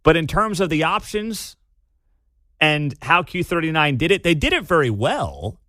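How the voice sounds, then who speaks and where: Man, talk radio host, scornful, slightly high voice, dry studio sound. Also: big pitch swings, normal speed, pushed and bright, no room sound. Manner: sarcastic, scornful. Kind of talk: opinionated talk radio monologue. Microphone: studio microphone.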